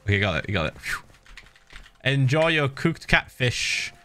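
A man's voice: medium pitch, big pitch swings, moderate pace, sharp tone, clear, resonant tone. A man streaming a game in casual chat, playful and laughing often, tossing in little sound effects.

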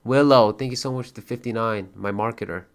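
A man chatting casually as a livestreamer, thanking viewers and donors, swearing freely and getting excited in bursts. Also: medium pitch, fast talker.

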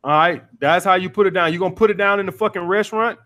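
A man's voice: high-pitched, fast talker, sharp tone. A man coaching callers on dating, lecturing bluntly and cursing freely. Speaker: dating coach taking calls. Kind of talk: call-in advice show.

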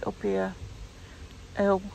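A woman in her forties chats to her vlog audience in a croaky, gravelly voice, her throat sore and her tone tearful. She rambles along with plenty of fillers, and a faint hiss of noise sits behind her. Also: mid-range voice, completely flat delivery, drawn-out words, warm tone, rough recording. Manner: rambling, chatty, filler-heavy. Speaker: vlogger. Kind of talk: casual vlog chat.

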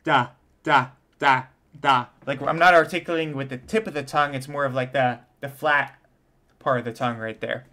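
A man's voice: mid-range voice, steady tone, a little fast, bright, forceful tone. A man, a trumpet teacher, reacting to an interview in a casual explanatory way and sounding out vowels and tonguing syllables as examples. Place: home studio in front of a camera.

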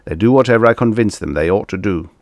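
A man's voice: lowish voice, lively intonation, fast talker, dry recording, clean studio sound, voice pushed up. A man doing a bellowing, boastful alien warlord. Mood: bullying. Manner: hooting, blustering, bellowing. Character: boastful warlike alien male ruler.

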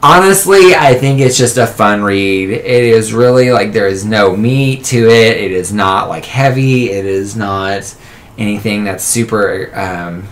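A man's voice: on the low side, unhurried, a little hiss or hum. Rambling man reviewing comics. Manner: rambling retelling with frequent fillers and laughs. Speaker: comic book reviewer, podcast co-host. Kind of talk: casual chat.

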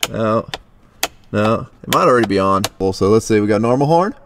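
A man's voice: lowish voice, lively intonation, fairly quick, roomy sound, in a large hall, background noise. Joking man hosting a truck vlog. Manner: joking, teasing friends while working. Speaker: vlog host. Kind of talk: casual truck vlog chat.

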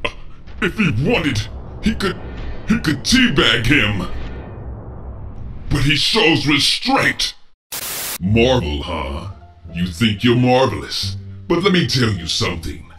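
A man's voice: medium pitch, big pitch swings, slow pace, pauses often, bright, forceful tone, soft background music, exaggerated voice. A man voicing a smug, boastful male alien tyrant who trash-talks crudely while playing a game, in a comedic parody. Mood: smug mocking. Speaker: gameplay parody voice actor. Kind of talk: comedic gameplay parody voice acting.

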